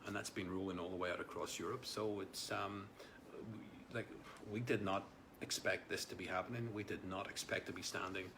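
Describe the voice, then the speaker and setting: A man's voice: deep voice, steady tone, fairly quick, noisy background. A man chatting casually on a live stream, rambling with restarts and speaking directly to viewers about their comments.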